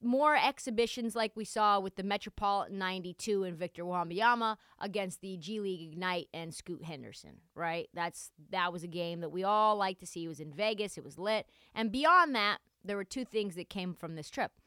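A young woman hosting a solo sports podcast, talking in a sarcastic, animated, joking way. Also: mid-range voice, fairly quick, few pauses, smooth, no room sound, clean studio sound. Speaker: podcast host.

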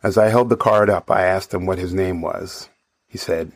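A man narrating a personal anecdote from his bar job in a measured, dry way. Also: low-pitched, fairly even intonation, dry recording. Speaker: storyteller.

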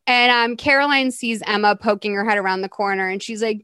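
A woman hosting a podcast, recapping a movie in casual, animated chat with lots of laughs and "like". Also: fairly high pitch, moderate pace, clean tone, no room sound. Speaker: podcast host.

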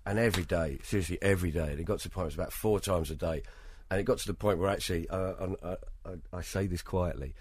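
Low husky British man telling stories. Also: fast talker, few pauses. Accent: British English. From Britain. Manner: lively raconteur, acts out other people's lines. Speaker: interview guest, travelling performer. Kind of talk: conversational anecdotal storytelling.

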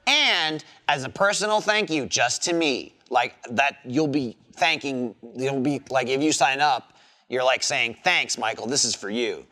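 A man from New Jersey, a podcast host chatting casually and playfully, with swearing and lively jokes. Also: medium pitch, unhurried. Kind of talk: casual chat.

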